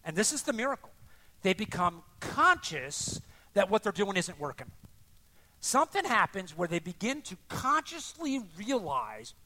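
An older man preaching a sermon in a conversational, animated way, often acting out the people he describes. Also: sits high, measured pace. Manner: animated, conversational, acts out voices. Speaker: pastor.

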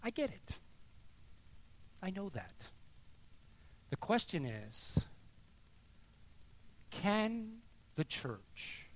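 A male pastor delivers a sermon at a slow, weighty pace. His voice sits a little high for a man, and he moves between emphatic declarations and hushed, near-whispered questions. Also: very animated.

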